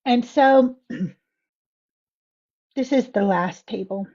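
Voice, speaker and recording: A woman's voice: on the high side, slow pace, dark tone, highs cut off. A woman on a podcast reciting spoken-word poetry and then talking candidly, emotional and close to tears, swearing freely. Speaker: podcast guest.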